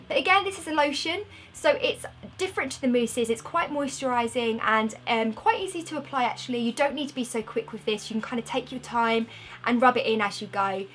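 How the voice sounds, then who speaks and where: Young woman vlogger, chatty product review, voice sits a touch high. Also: a bit bright, a little hiss or hum. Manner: chatty, upbeat, recommending. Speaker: beauty vlogger.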